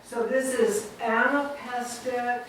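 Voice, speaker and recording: Woman, poetry teacher, unhurried and chatty, recorded far off in a very echoey church room. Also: on the high side, fairly even intonation, a bit bright, slight background noise. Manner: chatty, laughs often, sounds out rhythms. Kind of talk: informal classroom teaching. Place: church classroom. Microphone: distant room mic.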